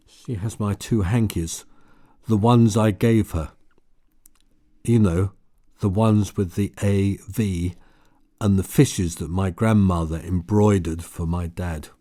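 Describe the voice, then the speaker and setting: A man reading the part of an anguished husband haunted by guilt, speaking low, desperate and bitter. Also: takes it slowly, long pauses, mellow, dry recording, studio quality.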